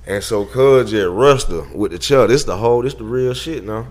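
A man telling animated, profane stories as an interview guest and acting out the people he quotes. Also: mid-range voice, normal speed. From Southern United States. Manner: profane, acts out quotes in voices. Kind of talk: animated storytelling.

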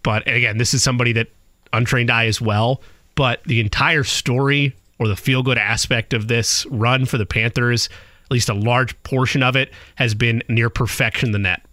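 A man's voice: mid-range voice, steady tone, moderate pace, bright, forceful tone, no echo. A man co-hosting a sports radio show, agreeing readily and adding his own take in casual talk.

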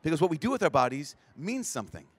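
A man's voice: a little high, fast talker, slightly rough, dry recording. A man, a priest giving a talk at a large event, telling stories and acting out the people in them, often restarting his sentences. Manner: animated storytelling, acts out quoted people; stumbling restarts when excited. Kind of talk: conference talk to a live audience.

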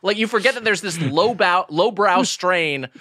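A man co-hosting a podcast, riffing in casual comedic chat with animated, profane energy. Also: sits high, normal speed, no echo, studio quality. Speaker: podcast co-host.

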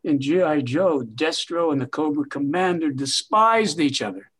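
An older man, a veteran TV writer, telling stories in an interview with expansive, emphatic, drawn-out phrasing. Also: on the high side, lively intonation, a bit bright, breathy edge. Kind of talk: reflective interview storytelling.

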